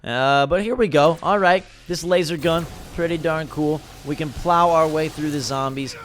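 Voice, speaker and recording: A young man talks over gameplay footage in loose, excited commentary, full of fillers and restarts. He sounds tired from a late night, and his voice sits a little high. A faint hiss runs under the recording. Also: normal speed. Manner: casual, enthusiastic rambling with fillers. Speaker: gaming video host.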